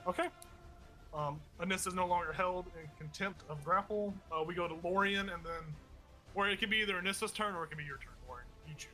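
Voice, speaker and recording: Bright-voiced man running a tabletop game. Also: high voice, fast, soft background music. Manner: explains rules with many fillers. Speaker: game master.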